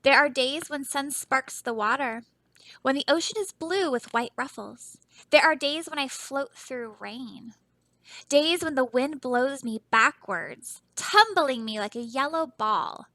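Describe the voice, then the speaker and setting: High, bright-voiced woman teacher reading aloud. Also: a little slow, dry recording, poor audio. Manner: stops often to ask young listeners questions; soft, expressive storytelling with dramatic hushes. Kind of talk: children's picture book read-aloud.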